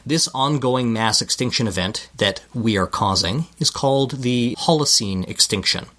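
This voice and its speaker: A man's voice: medium pitch, moderate pace, fairly bright tone. Canadian man reading a podcast segment. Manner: reads from a script with dry asides and self-deprecating jokes. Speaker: podcast co-host.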